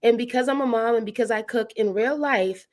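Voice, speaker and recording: A woman's voice: a little high, fairly quick, a little hiss or hum. A playful woman from Boston, a guest joking along in a casual chat.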